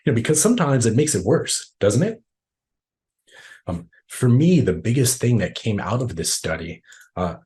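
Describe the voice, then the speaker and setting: Deep-voiced animated workshop trainer man. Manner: animated, acts out inner voices, rhetorical tag questions. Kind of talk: lively training session.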